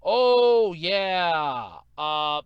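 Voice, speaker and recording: A man's voice: high voice, very animated, extremely slow, clear, resonant tone, no room sound, highs cut off. A man hosting his own podcast, telling an exasperated story and mimicking customer service agents. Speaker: podcast host. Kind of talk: solo podcast rant.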